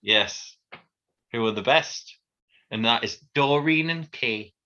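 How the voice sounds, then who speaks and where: A man's voice: medium pitch, slow, sharp tone. A man chatting casually as a podcast co-host, often checking for agreement with tag questions. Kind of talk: casual chat. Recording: dull lo-fi sound.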